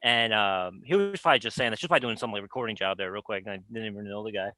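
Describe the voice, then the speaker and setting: A young man co-hosting a podcast, telling quick, chatty anecdotes in a casual way. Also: lowish voice, bright, forceful tone, no room sound. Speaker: podcast co-host. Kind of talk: casual chat.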